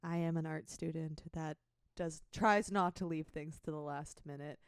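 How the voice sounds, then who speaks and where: A young woman chats casually as a podcast co-host, telling her stories with a lot of "like". Her voice sits on the low side and sounds dry and close to the mic. She gets animated when she tells a story. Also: normal speed, clean tone, dry recording. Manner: animated storyteller, acts out her own past lines loudly; filler-heavy with frequent "like". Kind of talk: casual chat.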